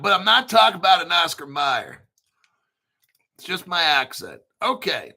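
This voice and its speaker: A man hosting his own channel in a casual monologue, emphatic and repetitive, rambling and swearing, often clearing his throat. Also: on the high side, sharp tone. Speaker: crypto channel host.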